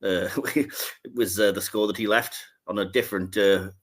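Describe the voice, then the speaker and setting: A man's voice: lowish voice, steady tone, normal speed. A male podcast host talking in a loose, casual way, full of "uh"s and restarts. He chuckles between remarks as he runs the show. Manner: rambling, many filler words and restarts.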